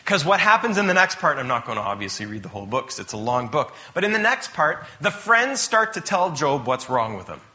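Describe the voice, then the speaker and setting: A preacher delivers a casual sermon in a bright, forceful voice. He talks conversationally and drops in chatty asides. His voice sits a touch high for a man. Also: big pitch swings, a little fast, hardly any pauses.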